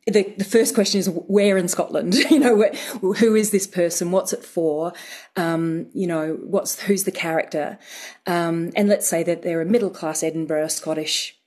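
Lower-pitched woman dialect coach. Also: fairly even intonation, normal speed, darkish tone. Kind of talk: explaining on a radio show.

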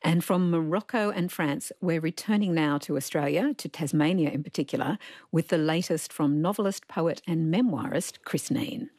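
A woman hosts a radio book review, her voice low and a little husky. She talks in a measured way, and the studio sound is dry and close. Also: darkish tone, no room sound. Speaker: radio book show host.

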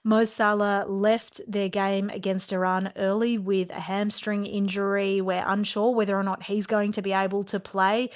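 An Australian woman, a sports correspondent, chatting lively on a radio show from far away. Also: mid-range voice, normal speed, few pauses, dull audio. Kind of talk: casual chat on radio. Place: on location, remote line.

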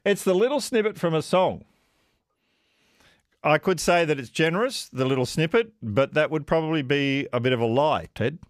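A man hosts a radio quiz, his fairly high voice rising and falling a lot as he chats with callers. He talks in a chatty, self-deprecating way. The studio sound is close and dry. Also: animated, normal speed, no echo. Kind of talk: casual radio chat with callers. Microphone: studio microphone.

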